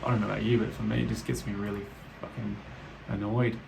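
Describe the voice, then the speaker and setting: Man, reflective solo podcast, gravelly, unhurried musing, casual swearing, faint rain outside. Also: lowish voice, flat delivery, noisy background. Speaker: podcast host. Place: indoors with heavy rain outside. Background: rain ambience.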